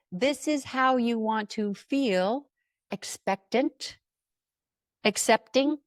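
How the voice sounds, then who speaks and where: With a slightly high voice captured in dry, studio-quality audio, a middle-aged woman hosts a motivational podcast as a coach. She tells animated stories and performs the quoted voices of the people involved.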